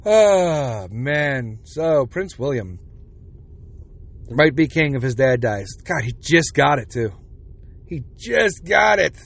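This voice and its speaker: A man's voice: a little high, big pitch swings, slow pace, vocal fry. A man in his forties hosting a podcast, ranting bluntly with plenty of swearing. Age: 40s. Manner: profane, blunt, heated. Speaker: podcast host. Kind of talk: opinionated podcast rant.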